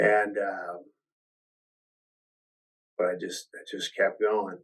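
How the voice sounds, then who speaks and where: A man with a lowish voice tells a long personal story in a loose, rambling way. He keeps restarting his sentences and acts out what other people said. He sits a little back from the microphone, so the sound sits at a distance. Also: little pitch movement, slow, long pauses, slightly rough. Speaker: podcast host telling his story. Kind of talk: casual storytelling.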